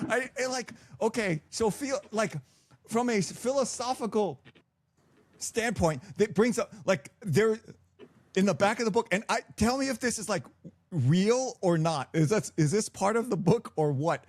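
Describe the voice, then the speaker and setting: A middle-aged man rants his way through a casual podcast chat, stumbling and restarting as he laughs. His voice sits high, and the sound is dry with no room around it. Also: expressive, normal speed, no room sound. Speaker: podcast co-host, father.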